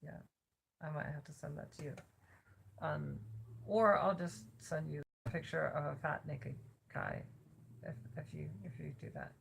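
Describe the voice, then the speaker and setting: An exhausted woman vlogging from her cot on a phone camera, her worn-out voice a little slurred as she rambles with many pauses. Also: sits low, creaky, slight background noise. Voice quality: slightly slurred. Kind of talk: casual check-in vlog. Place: lying on a cot at home.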